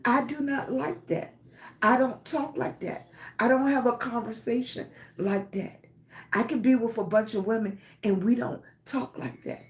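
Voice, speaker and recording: Slow, emphatic woman talking on a livestream. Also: a little high. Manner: emphatic, repeats phrases, checks in with "okay?" and "right?". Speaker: livestream host. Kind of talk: casual motivational talk.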